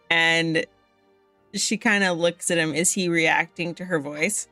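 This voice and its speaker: Slow-talking woman player. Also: on the low side, steady tone, sharp tone, no echo, soft background music. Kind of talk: tabletop role-play.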